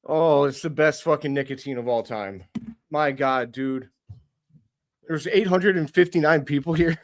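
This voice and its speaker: A young man streaming a live sports reaction, overjoyed and swearing freely. His voice sits a little higher than most men's, and he circles back to the same exclamations again and again. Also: unhurried. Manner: euphoric, swearing, repeating himself. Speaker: sports podcast host.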